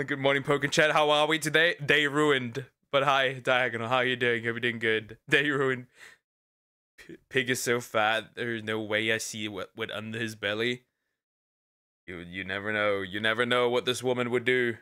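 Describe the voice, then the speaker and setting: A man streaming as a VTuber, giving live reaction commentary with disbelieving exclamations that jump up into high outbursts. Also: level tone, moderate pace, sharp tone, clean tone.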